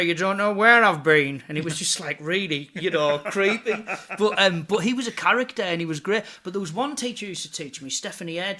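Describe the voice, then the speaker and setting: A man's voice: on the high side, pushed and bright. A man who works as an impressionist and comedian, chatting casually in an interview, laughing often and saying "you know" a lot.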